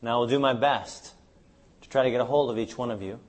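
A man's voice: medium pitch, fast talker. A man preaching a sermon at a seminar, asking his audience many rhetorical questions. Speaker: seminar speaker. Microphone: live seminar recording.

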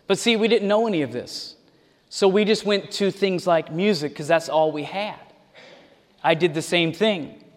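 A man's voice: sits high, normal speed. A man preaching a sermon to a congregation, talking directly to them and acting out the voices of people he quotes. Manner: animated, acts out quoted voices. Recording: long hall reverb.

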